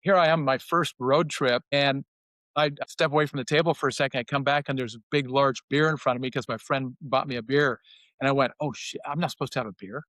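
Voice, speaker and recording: A man's voice: mid-range voice, brisk, dry recording. A man in his sixties, a former player, telling stories about his old coach in casual podcast talk, acting out quotes in a raised voice. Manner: animated, acts out quotes in a raised voice. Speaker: former player sharing memories.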